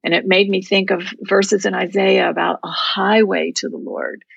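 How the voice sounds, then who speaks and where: A woman's voice: medium pitch, flat delivery, moderate pace, gravelly, slightly rough, no echo, dull audio. A woman guest telling a personal faith story in an earnest, heartfelt, reflective way. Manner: heartfelt, reflective, speaks of prayer and scripture.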